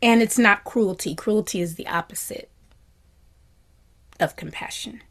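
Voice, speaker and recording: A woman teaching a meditation class, giving a reflective dharma talk in a gentle voice that often slips into a soft whisper. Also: medium pitch, a little slow. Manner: animated when voicing happy quotes.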